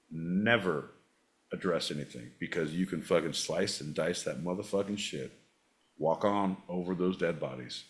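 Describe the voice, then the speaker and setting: A man co-hosting a podcast, talking in casual banter, swearing a lot and acting out angry rants. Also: low-pitched. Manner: profane, animated, acts out rants in character. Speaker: podcast co-host.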